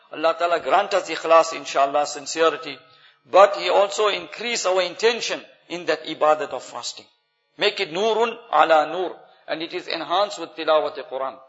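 A man's voice: a little high, fairly bright tone. A man giving an earnest, instructive sermon as imam, weaving Arabic phrases into his talk. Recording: echoey hall, dull lo-fi sound.

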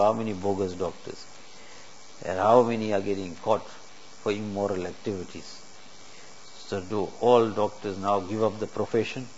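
Low-voiced man preaching a sermon. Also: darkish tone. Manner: earnest, teaching with rhetorical questions. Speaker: Islamic preacher. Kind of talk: sermon to a congregation. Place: mosque. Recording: dull lo-fi recording with faint hiss.

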